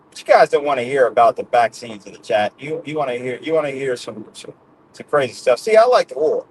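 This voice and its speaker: A man's voice: mid-range voice, a little hiss or hum, poor audio. A middle-aged man hosting his own show, talking to his audience in a loose, rambling way, laughing often and tagging "man" onto his sentences. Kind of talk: casual rambling monologue.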